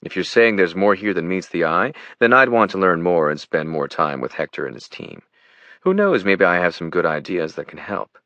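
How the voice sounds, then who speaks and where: A man voicing a calm, ambitious woman governor in an audiobook. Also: low-pitched, dry recording, dull audio, exaggerated voice. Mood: earnest. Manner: measured and calm. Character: female governor, composed and ambitious.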